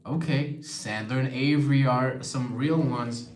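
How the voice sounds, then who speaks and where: A man's voice: medium pitch, measured pace, few pauses. Young man chatting on a livestream, echoey room. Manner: chatty, reads viewer comments aloud and replies. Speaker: livestream host. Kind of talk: casual live-stream chat.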